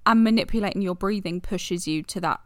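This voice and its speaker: A woman's voice: mid-range voice, brisk, no room sound. Brief: woman co-host, casual chat, supportive tone, dry studio sound. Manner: encouraging, reflective, casual swearing. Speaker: podcast co-host.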